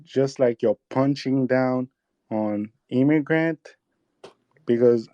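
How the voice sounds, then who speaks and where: Blunt Haitian-accented caller on a dull line. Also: male voice, mid-range voice, slow pace, warm tone, dry recording. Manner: blunt, pushes back. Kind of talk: argumentative call-in talk.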